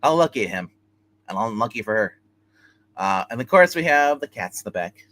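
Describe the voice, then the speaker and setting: A man's voice: medium pitch, very animated, normal speed, fairly bright tone. A man hosting a casual livestream comic book review, retelling a story loosely with many restarts and fillers. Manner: rambling plot retelling with many restarts and "he's like".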